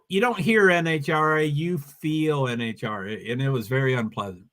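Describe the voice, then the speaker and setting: On a casual livestream, a host with a New England accent rambles from viewer comments to racing news, reading both aloud. For a man his voice sits high, with a bright and forceful edge.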